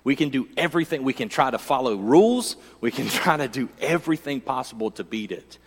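A man preaching a sermon in a church, conversational and joking, swinging from loud emphasis to hushed storytelling. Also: medium pitch, expressive, fairly quick, long reverb tail. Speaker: pastor.

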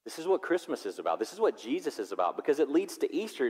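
A male pastor preaching a sermon. He moves from loud, rising preaching to quiet, reflective passages. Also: mid-range voice, fast, few pauses, husky. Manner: animated, swings from loud preaching to soft reflection. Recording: long hall reverb.

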